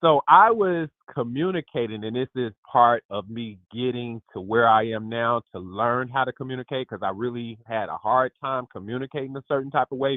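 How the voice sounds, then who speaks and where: A man in his fifties hosting a lively group call, exuberant and emphatic, often calling out to his listeners. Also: medium pitch, normal speed, few pauses, no room sound. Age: 50s. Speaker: host. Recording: dry tinny phone line.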